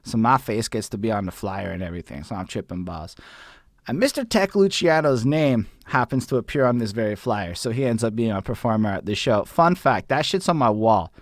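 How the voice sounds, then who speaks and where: A man, hosting a livestreamed interview in an excited, rambling way with plenty of swearing. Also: fairly low pitch, a little fast, no room sound, clean studio sound. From Montreal, Canada. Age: 30s. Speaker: host.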